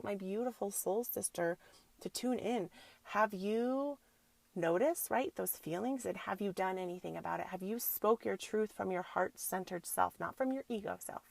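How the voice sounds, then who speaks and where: A woman in her thirties talks on her wellness podcast in a loose, chatty way, full of filler likes, speaking straight to her listeners as soul sisters. Her voice has a gravelly fry, and it sits close and dry on the mic. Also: mid-range voice, no echo. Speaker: podcast host, yoga teacher. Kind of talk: spiritual self-help podcast chat.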